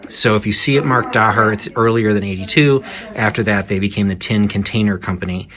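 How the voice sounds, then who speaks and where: A man's voice: on the low side, brisk, fairly bright tone. A man giving conversational walk-through commentary while browsing an antique shop, explaining items with frequent fillers. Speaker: antique reseller vlogger. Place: antique shop in a Victorian house.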